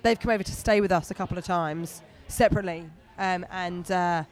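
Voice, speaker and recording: A stand-up comedian in relaxed interview mode, talking in long, rambling runs full of restarts and asides. The tone is self-deprecating and chatty, at an everyday pitch. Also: brisk, a faint crowd. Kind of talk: casual interview chat.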